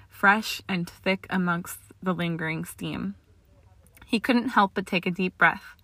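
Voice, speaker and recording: Bright, forceful woman narrator. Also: fairly low pitch, no room sound. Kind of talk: audiobook reading of fan fiction.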